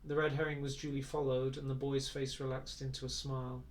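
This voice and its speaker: A man's voice: medium pitch, flat delivery, brisk, far from the mic. Man reading a novel, slightly off-mic. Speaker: audiobook reader.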